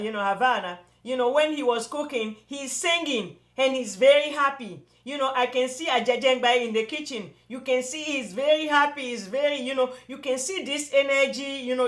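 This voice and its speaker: A woman's voice: on the high side, a bit bright. A woman hosting a casual spiritual talk, enthusiastic and full of fillers and restarts. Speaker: host.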